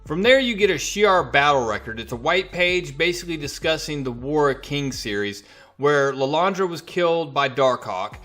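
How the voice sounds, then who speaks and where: A man with a bright, forceful voice pitched a little above average, casually recapping a comic book issue. He tells the story with energy and acts out the characters' lines, while faint music plays behind him. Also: expressive, normal speed.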